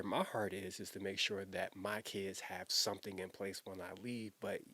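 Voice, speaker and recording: A man's voice: lowish voice, fairly bright tone, no echo. A man, a former youth pastor, telling a personal story in an earnest, emotional, conversational way, often repeating himself as he talks.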